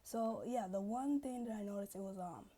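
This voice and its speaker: A woman's voice: medium pitch, brisk, dark tone, breathy edge. A woman vlogging in a casual, chatty storytelling way, full of asides and fillers, acting out the voices of people she quotes.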